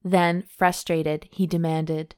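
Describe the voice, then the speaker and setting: A woman's voice: fairly low pitch, little pitch movement, slow, a little mellow, clear, resonant tone. A woman co-hosting a chat show, reading a romance novel aloud with wry asides and frequent laughter. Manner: wry, giggly, breaks into laughter. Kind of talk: dramatic reading mixed with casual chat.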